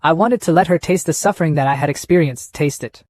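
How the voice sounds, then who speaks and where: Guy voicing a smug old monk, mocking and gloating, kinda high, dry sound. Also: fast talker, a little mellow, no room sound, natural voice. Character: scheming boastful old male monk.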